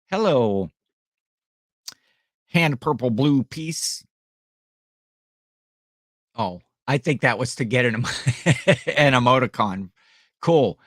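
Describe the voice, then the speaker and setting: A man's voice: on the low side, fairly bright tone, dry recording, studio quality. A man hosting a casual live stream, rambling as he reads the chat aloud, with frequent fillers and restarts. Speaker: livestream host selling items.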